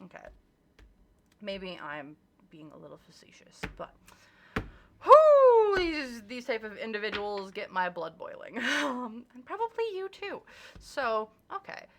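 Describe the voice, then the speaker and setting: A young woman giving a casual monthly tarot reading, blunt and animated, swearing freely and acting out little exchanges as she goes. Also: medium pitch, unhurried, vocal fry, a little hiss or hum. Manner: animated and emphatic, acts out little dialogues. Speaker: tarot reader.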